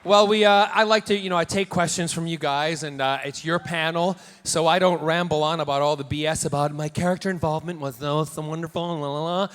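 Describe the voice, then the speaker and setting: A man in his forties, a celebrity guest at a convention panel, telling bawdy, campy anecdotes to the crowd with energetic restarts and playful jokes. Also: fairly high pitch, a little fast, hardly any pauses, clean tone. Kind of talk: live convention Q&A storytelling. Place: large convention hall panel room. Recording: echoey hall with faint noise.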